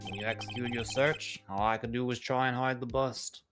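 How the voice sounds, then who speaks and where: A woman voicing a big, calm male acrobat in a wheelchair, reading game dialogue in a measured, courteous, resigned way. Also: a bass voice, pitched below the performer's own voice. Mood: composed. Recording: game music playing behind.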